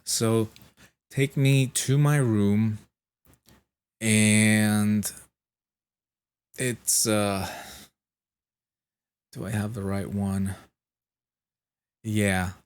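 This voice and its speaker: A man's voice: on the low side, fairly even intonation, drawn-out words, long pauses, smooth. A sleep-deprived man vlogging, telling a rambling story in casual chat, swearing freely and restarting his sentences.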